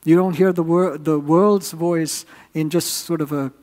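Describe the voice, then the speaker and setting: A man's voice: fairly high pitch, steady tone, unhurried, darkish tone, in a large hall. A man preaching a sermon, earnest and building up with rising emphasis.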